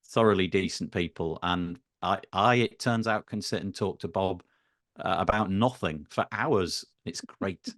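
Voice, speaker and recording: Low-voiced man, chatty self-deprecating guest. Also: a little slow, fairly bright tone, no room sound, clean studio sound. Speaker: podcast guest. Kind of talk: casual interview chat.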